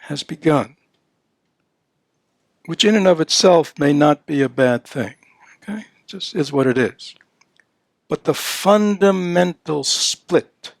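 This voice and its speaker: An older man teaching the dharma in an unhurried, gravelly voice that sits a little high for a man. He keeps checking in with his listeners with little "you know"s and "right?"s. The sound is close and dry, with almost no room around it. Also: no echo. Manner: voices playful baby-talk examples. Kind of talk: dharma talk at a retreat.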